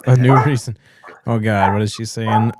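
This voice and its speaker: A man's voice: on the low side, steady tone, normal speed, very noisy. A man hosting a casual podcast, joking around and reading chat comments aloud. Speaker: host.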